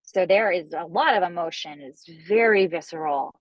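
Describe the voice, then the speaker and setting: A woman's voice: on the low side, normal speed, dry recording, highs cut off. A woman author, a guest in a library discussion, explaining earnestly with frequent restarts. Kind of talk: discussion talk.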